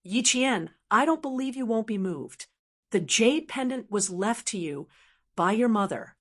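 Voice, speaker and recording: A woman's voice: on the high side, lively intonation, unhurried, fairly bright tone. A woman voicing a bitter, scheming middle-aged father who speaks through gritted teeth in an audiobook reading. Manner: gritted-teeth, pleading then menacing.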